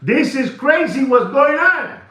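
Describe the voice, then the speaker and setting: A man dealing in watches, ranting excitedly to camera in casual talk, repeating himself and dropping into Spanish phrases. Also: very high-pitched, measured pace. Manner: animated, repetitive, switches into Spanish phrases. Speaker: watch dealer. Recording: echoey room, dull lo-fi sound.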